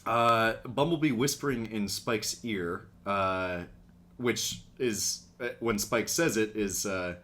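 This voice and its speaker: A man's voice: on the low side, takes it slowly, sharp tone. A man co-hosting a podcast, cracking wry jokes in casual chat and laughing as he reads out favorite lines. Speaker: podcast co-host. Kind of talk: casual chat about a cartoon.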